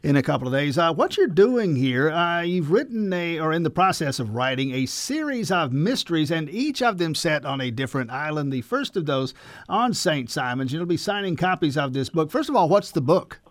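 A man's voice: on the high side, sing-song, moderate pace, dry recording, clean studio sound. A man hosting a morning interview show, friendly and folksy with his guest.

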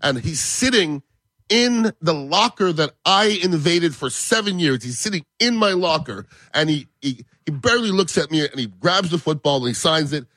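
A man's voice: on the high side, normal speed, dry recording. A man, a former football player, guest on a radio show, telling casual stories with quoted voices. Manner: animated anecdotes with quoted voices. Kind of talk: casual radio talk, storytelling. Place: radio studio.

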